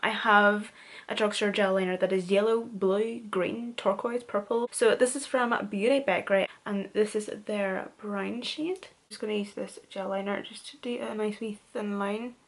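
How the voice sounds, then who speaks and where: A young woman from Northern Ireland with a Northern Irish accent, talking casually through a makeup tutorial in a chatty, self-deprecating way. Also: medium pitch. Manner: chatty, self-deprecating, says "wee" a lot. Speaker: beauty vlogger.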